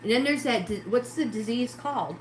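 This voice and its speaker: A woman's voice: on the high side, lively intonation, brisk, slight background noise. A middle-aged woman from New York State, chatting rambly with viewers on a livestream while she cleans her kitchen, often exclaiming to herself. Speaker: livestream host. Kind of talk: casual chat while cleaning. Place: home kitchen, indoors. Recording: roomy echoey kitchen sound.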